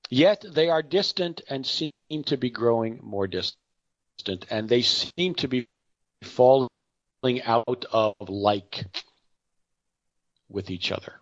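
A man's voice: mid-range voice, animated, slow pace, long pauses, no room sound, highs cut off. Rambling man talking markets. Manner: rambling, self-correcting, with frequent asides; chatty anecdotal storyteller. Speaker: market commentator. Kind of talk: unscripted market commentary monologue.

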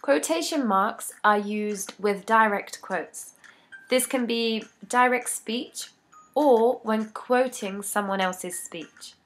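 A woman giving a scripted English grammar lesson, reading each rule and example in a measured, deliberate way. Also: on the high side, fairly bright tone. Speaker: English teacher.

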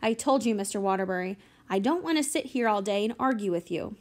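A woman's voice: mid-range voice, expressive, fast, natural voice. A woman reading an audiobook, voicing a stern, stubborn elderly homeowner who talks curtly. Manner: curt, snapping.

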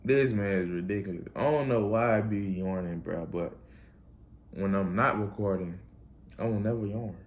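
A young man, bursting into loud exclamations over the plays. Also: fairly low pitch, normal speed. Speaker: reaction channel host. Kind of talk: casual sports highlight reaction.

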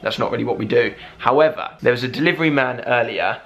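A man's voice: mid-range voice, fast talker, vocal fry, a bit bright. A young man in his twenties with a lisp from dental braces, chatting casually to camera in a rambling, friendly way. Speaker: vlogger. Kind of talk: casual vlog chat to camera.

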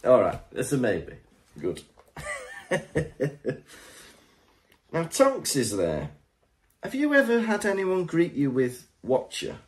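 A man co-hosting a casual podcast, his pitch moving around a lot as he talks. He drops wry asides and laughs easily. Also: sing-song, slow pace, pauses often. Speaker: podcast co-host. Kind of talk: casual chat.

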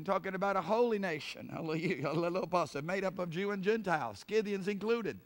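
This male preacher has a high voice and talks fast, barely pausing as he restates his points. Laughter and hallelujahs fill his sermon, which swells into loud, fervent prayer cries.

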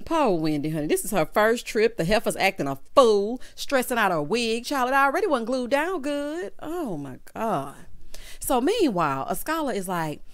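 A woman recaps reality TV in a sassy, gossipy vlog voice. Her pitch sits slightly high and leaps around with lots of expression. She keeps dropping "honey" and "child" as she reacts to the drama. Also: moderate pace. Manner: sassy, chatty, sprinkles "honey", "baby" and "child"; animated, breaks into loud hollering laughs. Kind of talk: casual recap commentary.

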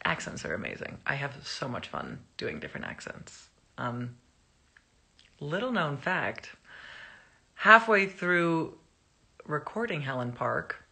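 A woman's voice: rumbling low, bright, forceful tone. A woman chatting casually to fans on a phone live stream, rambling through anecdotes and laughing as she talks.

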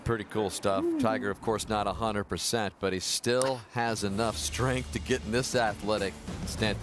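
A man commentating on golf with a relaxed, enthusiastic conversational manner. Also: on the low side, moderate pace, background noise. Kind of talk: broadcast commentary.

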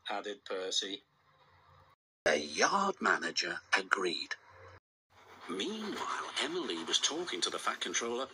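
A man narrating a children's storybook in an expressive read-aloud style. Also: low voice, a little slow, slightly rough, rough recording. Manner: lively, expressive reading. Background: background music.

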